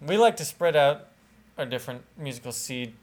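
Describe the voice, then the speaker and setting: A man co-hosting a comedic podcast in casual chat, joking and swearing freely, stumbling over his words when he gets excited, speaking into a lapel mic held in his fingertips. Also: medium pitch, normal speed. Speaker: podcast co-host. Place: makeshift home setup.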